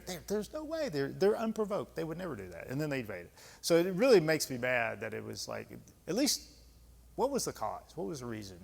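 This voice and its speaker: A man's voice: mid-range voice, creaky. A man in his fifties from the United States, a retired senior Army leader giving a lecture and answering audience questions in a blunt, conversational, emphatic way with folksy asides. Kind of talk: candid lecture Q&A storytelling. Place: club lecture hall. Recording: long hall reverb.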